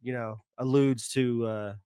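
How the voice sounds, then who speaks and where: A man co-hosting a podcast, talking in a halting, casual way full of fillers. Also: mid-range voice, fairly even intonation, warm tone, clean tone, no room sound, clean studio sound. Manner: halting, many fillers and restarts. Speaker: podcast co-host. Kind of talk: casual chat.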